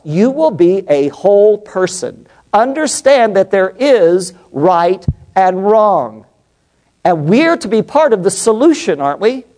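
Middle-aged guy preaching hard, big swings in pitch, keeps asking the crowd questions. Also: darkish tone. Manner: passionate, emphatic, asks the congregation questions. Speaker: pastor and psychologist. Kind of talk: sermon.

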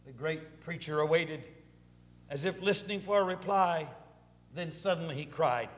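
A man's voice: fairly high pitch, normal speed, big-room sound. A man pastor delivering a sermon, building to impassioned preaching. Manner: preaching with swelling intensity.

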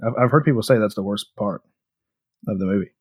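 A man's voice: lowish voice, quick pace, a little mellow, breathy edge, no room sound. A man co-hosting a podcast in casual chat, hesitant and often trailing off with a laugh. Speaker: podcast co-host.

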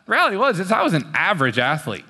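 Young guy preaching up on stage, high voice, lively, pitch jumping all over, long echo from the big hall. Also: racing. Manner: animated, acts out quoted voices with big pitch swings. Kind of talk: sermon.

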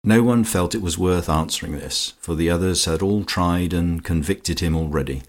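Deep-voiced male audiobook narrator. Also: moderate pace. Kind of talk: scripted narration.

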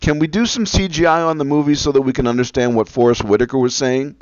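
A man in casual conversation, expressive with dry humor. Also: mid-range voice, quick pace, dry recording. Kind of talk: casual chat. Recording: dull lo-fi sound.

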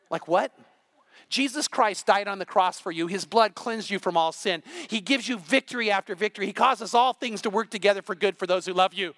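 A middle-aged male pastor preaching a sermon, impassioned and building to near-shouts. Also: sits high, brisk, dry recording.

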